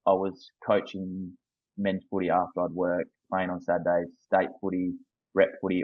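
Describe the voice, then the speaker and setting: A man's voice: low voice, slightly rough, dry recording, phone-quality sound. An Australian man in his thirties, a football coach speaking as a guest in a casual interview, candid and earnest, often restarting his sentences.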